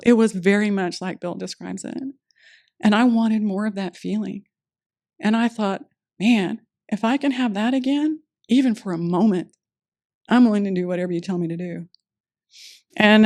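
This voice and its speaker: A woman speaking at a recovery meeting, telling her personal story in a lively way and acting out the dialogue she recalls. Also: medium pitch. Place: meeting room.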